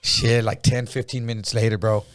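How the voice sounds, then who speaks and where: A middle-aged man telling profane, animated stories with acted quotes in casual conversation. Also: on the low side, normal speed. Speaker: comedian guest. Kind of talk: casual storytelling.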